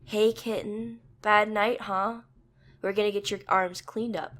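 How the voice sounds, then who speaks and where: A woman voicing a brisk, caring troll mother who talks sharply to adults and gently to a child. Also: medium pitch, steady tone, pitched above the performer's own voice, lightly acted. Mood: gentle. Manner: sharp then gently coaxing.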